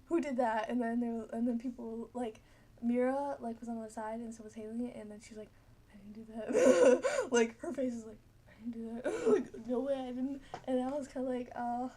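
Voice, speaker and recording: A woman's voice: fairly high pitch, dark tone, a little hiss or hum. A teenage girl telling a story casually, rambling with many fillers and frequent giggles.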